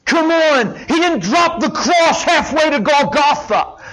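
A middle-aged male pastor delivering a sermon with a notably high-pitched voice. He swings from hushed, near-whispered lines to loud, impassioned shouting as he drives his points home. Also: lively intonation, takes it slowly, low-quality recording.

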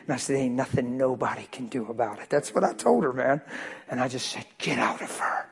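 A man preaching as a pastor, telling a story to his congregation, swinging between loud bursts and hushed, quiet lines. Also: medium pitch, sing-song, brisk, gravelly, husky. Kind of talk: sermon storytelling.

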